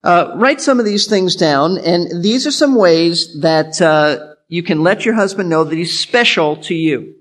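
A man's voice: high voice, animated, a little slow, hardly any pauses, a bit bright. A male pastor giving an earnest sermon, teaching in an instructive way and repeating his key points.

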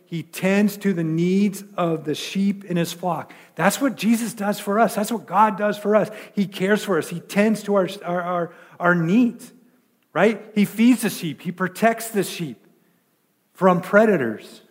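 A man's voice: sits high, unhurried, big-room sound. A male pastor preaching a sermon in a chatty way, full of repeated words and rhetorical questions.

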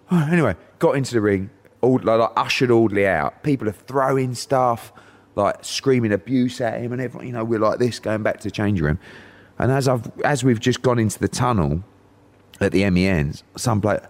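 Man, middle-aged, low voice, animated storyteller who acts out other people's lines. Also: moderate pace. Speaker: podcast guest, boxing promoter. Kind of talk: anecdotal storytelling.

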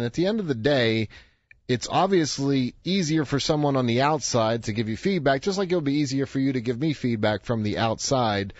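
A man's voice: medium pitch, no room sound. Radio host man telling stories, dry studio. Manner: conversational storytelling, acts out quoted voices. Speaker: radio talk show host. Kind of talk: radio talk monologue. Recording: dry, slightly dull studio sound.

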